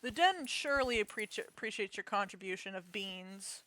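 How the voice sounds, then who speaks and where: A woman's voice: medium pitch, animated, normal speed, sharp tone. Rambling, self-mocking woman streamer. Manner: rambling, self-mocking storytelling with many restarts. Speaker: game streamer. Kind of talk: casual live-stream chat.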